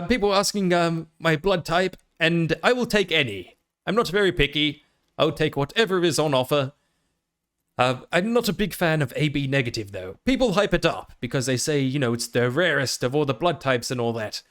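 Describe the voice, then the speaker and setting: Lively chatty man streaming in a persona. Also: a little high. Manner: chatty, easily distracted, thanks followers warmly. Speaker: VTuber streamer. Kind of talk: casual livestream chat in a vampire persona.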